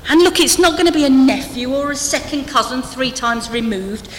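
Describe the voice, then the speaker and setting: A woman's voice: high-pitched, lively intonation, moderate pace, slight background noise. A woman preaching a sermon to her church, conversational and humorous, with dry asides. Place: church hall. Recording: echoey church hall, faint ambience.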